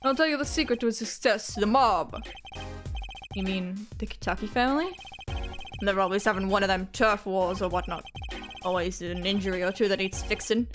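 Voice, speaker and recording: A woman doing a gruff old noodle-stand chef. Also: medium pitch, normal speed, music in the background, close to an everyday voice. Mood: bitter. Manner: gruff, grumbling, folksy. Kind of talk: video game voice acting.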